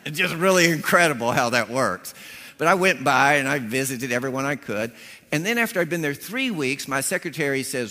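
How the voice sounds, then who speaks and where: Bright-voiced preacher telling a story. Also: male voice, medium pitch, normal speed, big-room sound. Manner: folksy, animated storytelling with quoted dialogue. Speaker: pastor. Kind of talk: storytelling sermon.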